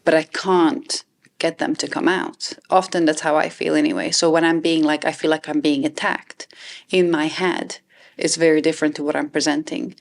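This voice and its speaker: A young adult woman co-hosting a podcast, reflective and halting, restarting sentences often as she explains her feelings. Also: low voice, level tone, gravelly. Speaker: podcast co-host. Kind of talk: casual chat.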